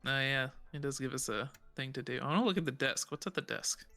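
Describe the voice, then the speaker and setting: A playful woman cracking jokes while streaming a detective game. Her tone is bright and forward, and soft music sits faintly behind her. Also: extremely low pitch, fast. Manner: playful, jokey. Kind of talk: casual game stream chat.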